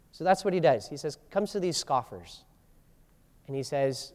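A man's voice: fairly high pitch, animated, moderate pace, a little mellow, big-room sound. A man preaching a sermon, acting out scripture quotes with changing voice and emphasis. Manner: acts out biblical quotes with shifting voices and emphasis. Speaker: pastor.

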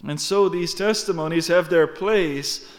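Male preacher, emphatic sermon delivery, slightly high voice, long hall reverb. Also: unhurried. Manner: emphatic, earnest, addresses congregation directly.

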